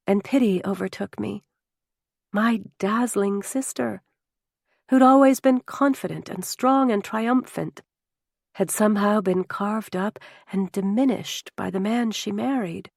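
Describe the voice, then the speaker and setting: A woman reading a first-person novel as an audiobook narrator, with expressive, emotional storytelling. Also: mid-range voice, measured pace, gravelly, no echo, studio quality.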